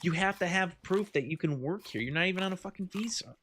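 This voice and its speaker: A man's voice: high voice, animated, fast talker, fairly bright tone. Man, podcast host, casual rambling chat, profane, laughs a lot, desk mic, faint background noise. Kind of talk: casual chat while gaming.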